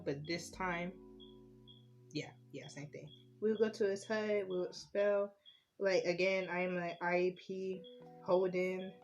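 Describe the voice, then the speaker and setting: A young woman, chatting casually about her school years while doing her makeup. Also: lowish voice. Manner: chatty, animated when retelling stories. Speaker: beauty vlogger.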